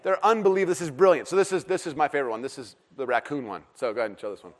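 A middle-aged pastor races through his sermon in a fairly high voice, animated and joking, stumbling over frequent fillers and restarts.

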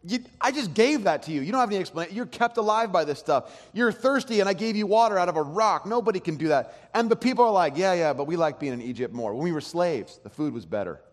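A man preaching a sermon as pastor, animated, swinging between hushed and loud. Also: high-pitched. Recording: long hall reverb.

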